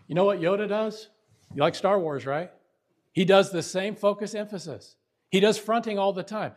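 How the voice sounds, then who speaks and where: In a high voice, at a moderate pace, a male preacher gives an emphatic sermon-like lesson on Bible syntax, frequently posing rhetorical questions to his listeners.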